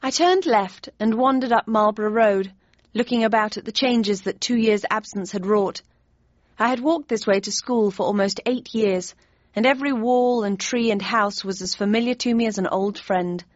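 A woman narrates a book in first person with a dry, wry tone and a medium pitch. The room is dead with no echo, and the sound is a bit dull. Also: normal speed. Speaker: audiobook narrator. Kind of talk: scripted narration.

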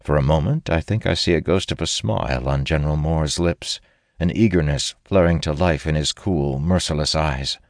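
Deep-voiced man narrating a fantasy audiobook. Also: moderate pace, a little mellow, no room sound, clean studio sound. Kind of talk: first-person fantasy narration.

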